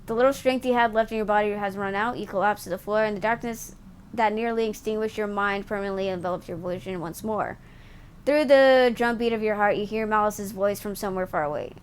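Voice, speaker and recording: Excitable woman streamer reading game text. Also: medium pitch, a little fast, clean tone, poor audio. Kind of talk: reading a game aloud while playing live.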